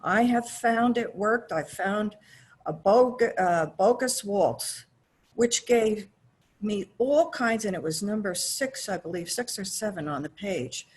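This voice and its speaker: A woman taking part in an online class, offering a suggestion in a slow, halting way with restarts, over a video call. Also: mid-range voice, animated, a little mellow, breathy edge. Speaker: class participant. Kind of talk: call-in comment.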